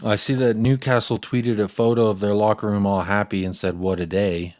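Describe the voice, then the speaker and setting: A football fan show host talks through the match casually, drifting off track at times, rambling and cursing. His fairly low, darkish voice shows little pitch movement at normal speed, captured in a dry, studio-quality recording.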